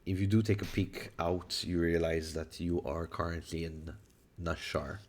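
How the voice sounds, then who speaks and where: Deep-voiced man narrating as game master. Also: flat delivery, darkish tone. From Malta. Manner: halting, full of fillers and restarts.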